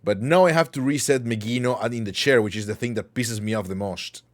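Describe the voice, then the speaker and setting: A man's voice: medium pitch, brisk. A man hosting a livestream talk show, chatting casually and playfully with his chat, rambling and joking with mock anger.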